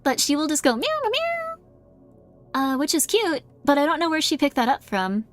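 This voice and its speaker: A woman's voice: high voice, animated, brisk, faint music behind. A woman streamer chatting casually with her viewers in a rambling way, with many fillers and frequent laughs.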